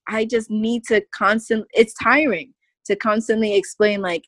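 A woman's voice: medium pitch, steady tone, unhurried, dry recording. A woman speaking as a podcast guest in casual conversation, emphatic and goofy, often breaking into laughter.

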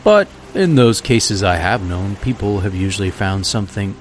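A man's voice: lowish voice, very animated, moderate pace, faint music behind. A man voicing a polite, hesitant young artist in a storybook reading, in a diffident, conversational tone.

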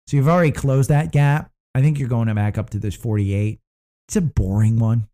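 Rambling male stock-show host, mellow voice. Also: mid-range voice, steady tone, normal speed. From United States. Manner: rambling, frequent fillers and restarts. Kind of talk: casual market commentary.

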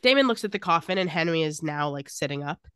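A podcast co-host recaps a TV episode in casual chat, retelling scenes and quoting the characters' lines as she goes. Her low voice is expressive, fast, fairly bright, and smooth. The studio sound is clean, with no room sound.

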